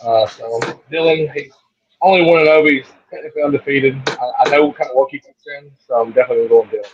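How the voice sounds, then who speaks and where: A man on a panel giving his picks in casual chat, quick and direct. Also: mid-range voice, slight background noise. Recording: dull lo-fi sound.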